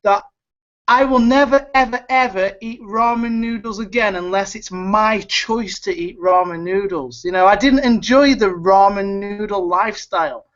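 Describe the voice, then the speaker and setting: A man's voice: sits high, moderate pace, a bit bright, lo-fi sound. A man hosting a webinar, giving an urgent motivational pep talk and repeating words as he pleads with listeners over a video call. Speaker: webinar host.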